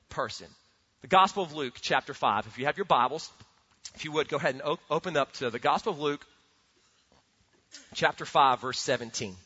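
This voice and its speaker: A man preaching a sermon as a pastor, earnest and animated, often repeating words as he builds a point. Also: on the high side, breathy edge. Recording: dull sound with long hall reverb.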